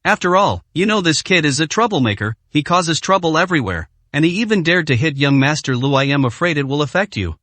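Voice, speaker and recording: A man narrating a translated web novel story, reading every character's lines in the same steady narrating voice. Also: a little high, fairly quick, few pauses, no room sound.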